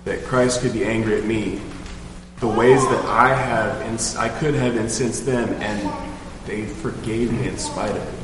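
A man's voice: on the low side, fairly even intonation, crowd noise. Thoughtful man heard from far off. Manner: thoughtful, halting, restarts phrases. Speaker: class member. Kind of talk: reflective group discussion. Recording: distant voice in an echoey hall with background noise.

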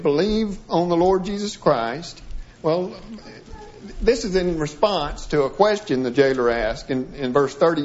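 High-voiced man teaching from the Bible. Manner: reads quoted article aloud, then breaks it down with restarts. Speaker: preacher. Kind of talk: sermon-style Bible teaching. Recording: dull lo-fi recording.

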